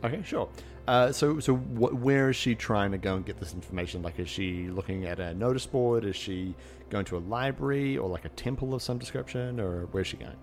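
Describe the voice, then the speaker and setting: Deep-ish guy dming, lots of uhs and ums, soft music in the back. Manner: halting, full of fillers. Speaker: game master. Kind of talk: narrating a tabletop game.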